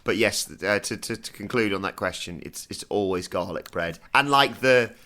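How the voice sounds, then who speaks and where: A man co-hosting a podcast, telling stories in a relaxed, jokey way over a call. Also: fairly low pitch, normal speed. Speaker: podcast co-host. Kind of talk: casual storytelling chat.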